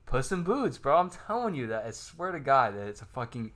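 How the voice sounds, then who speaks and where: A man's voice: mid-range voice, big pitch swings, fairly quick, a bit bright. A young man co-hosting a casual podcast, insistent and laid-back, from Florida. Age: young adult. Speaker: podcast co-host. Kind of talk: casual chat.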